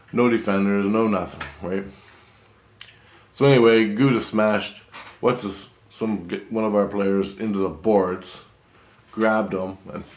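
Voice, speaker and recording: Low-voiced man, profane excitable storyteller, roomy echoey recording. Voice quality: profane, excitable, talks in restarts. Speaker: vlogger. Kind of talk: rambling first-person storytelling.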